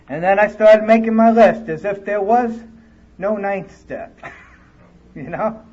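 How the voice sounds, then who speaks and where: A man from California tells his recovery story candidly in plain, earnest words before a live audience in a conference hall. His voice is high-pitched and darkish, fairly even in intonation, and a little slow, captured on a dull lo-fi tape recording.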